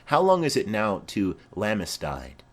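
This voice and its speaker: A man's voice: fairly low pitch, wildly swooping pitch, measured pace, heavily acted. A man reading the part of a garrulous, fond old female nurse who rambles on in chatty stories. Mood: rambling.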